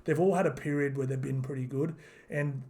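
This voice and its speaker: A man's voice: medium pitch, fairly even intonation, fairly quick, mellow. A man giving a rambling, casual sports recap full of fillers and restarts. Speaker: sports vlogger.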